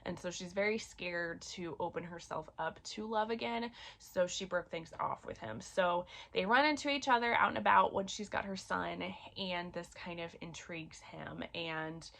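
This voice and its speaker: A woman's voice: fairly low pitch, moderate pace, creaky, few pauses, fairly bright tone. A woman casually reviewing romance books she read, chatty with many fillers, getting emotional about a favorite series. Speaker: book reviewer. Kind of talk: casual book review chat.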